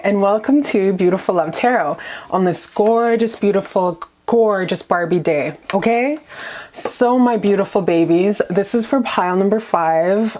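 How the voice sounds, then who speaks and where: A woman's voice: medium pitch, a little mellow, slight background noise. Gushing, foul-mouthed female tarot reader. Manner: gushing, profane and playful, lots of "okay?". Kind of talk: casual tarot reading to camera.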